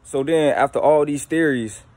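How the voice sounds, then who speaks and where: A man's voice: a little high, normal speed, darkish tone, dry recording. Slangy young man talking candidly. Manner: slangy, candid, rambling with restarts. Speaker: YouTuber. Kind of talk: casual spiritual monologue to camera. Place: at home.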